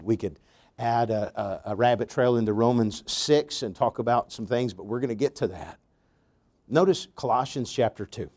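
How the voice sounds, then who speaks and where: A pastor preaching a sermon with slow, emphatic stresses and storytelling asides, a man. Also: on the low side, darkish tone.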